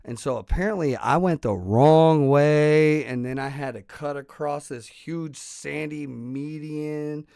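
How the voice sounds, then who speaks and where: A man telling a story in an unhurried, gravelly voice, heavy with vocal fry. He rambles, swears freely and keeps restarting his sentences. The sound is dry and close. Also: fairly high pitch, dark tone, dry recording. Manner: rambling and profane, with many restarts. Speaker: channel host. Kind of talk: casual storytelling.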